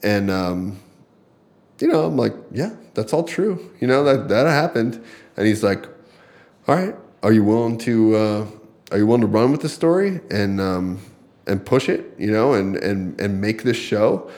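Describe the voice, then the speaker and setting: Guy on a podcast telling a story, slightly low voice, keeps quoting people and laughing. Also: moderate pace. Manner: lively anecdote-telling, quoting others with laughs and fillers. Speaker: podcast guest, fighter. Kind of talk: casual storytelling in conversation.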